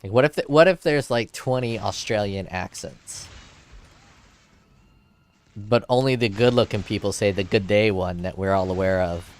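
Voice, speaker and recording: Low-voiced crude joking streamer man. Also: normal speed. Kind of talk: casual stream chat.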